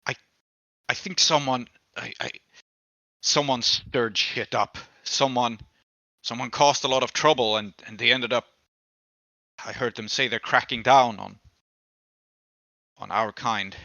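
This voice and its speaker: A man's voice: medium pitch, fairly even intonation, unhurried, long pauses, bright, forceful tone, no room sound, muffled recording. A man voicing a drunk, bruised, despondent male tea seller who stammers and mumbles through his words. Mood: rattled. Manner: stammering, mumbling, self-pitying.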